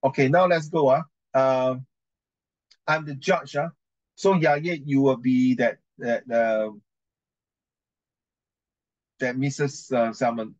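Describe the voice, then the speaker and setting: A man's voice: mid-range voice, steady tone, takes it slowly, pauses often, a little mellow, dull audio. Guy teaching english reading, chatty, keeps correcting himself. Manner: chatty, repeats and corrects himself, mixes in Chinese. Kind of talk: reading class with commentary.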